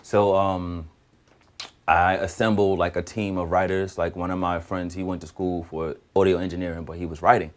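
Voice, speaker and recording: A young man with a very low voice tells his story in a loose, conversational way. He slips into other people's voices as he goes, keeping the telling lively. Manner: lively, acts out other people's lines in quick back-and-forth. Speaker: guest singer. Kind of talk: casual storytelling.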